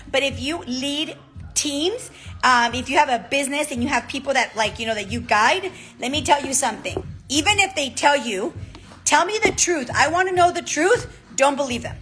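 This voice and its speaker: Woman coach, high bright voice, direct and animated, keeps saying okay?. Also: rough recording. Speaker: business coach. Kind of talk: motivational talk to a group.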